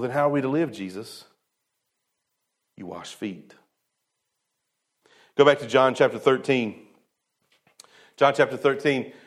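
A man preaching a sermon in a casual, colloquial way, his voice swinging from loud to hushed and slowing down for emphasis, with asides to the congregation. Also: mid-range voice. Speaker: pastor.

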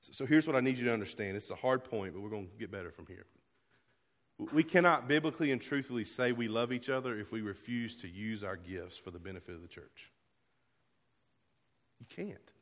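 A man pastor preaching a sermon to his church, earnest, dropping to a hush and rising to loud, fervent calls. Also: on the low side, a little fast, big-room sound. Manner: earnest, swings from hushed to loud. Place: church sanctuary.

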